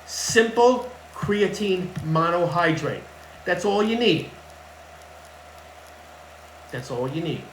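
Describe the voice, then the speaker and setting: Blunt male fitness coach who hammers home his points, a little higher-pitched, recorded in a roomy space. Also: expressive, slow pace, long pauses, a bit bright, slight background noise. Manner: blunt, emphatic, repeats key points. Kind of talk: casual advice talk to camera. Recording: echoey room with faint ambience.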